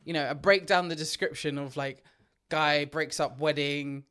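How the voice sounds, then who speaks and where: A woman co-hosting a podcast, retelling a story in an animated way and swearing freely. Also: low-pitched, normal speed. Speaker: podcast co-host. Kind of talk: casual chat, storytelling.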